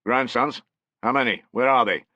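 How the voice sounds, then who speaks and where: A man voicing a tense young Roman legionary who barks sharp orders. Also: medium pitch, moderate pace, no echo, pitched above the performer's own voice.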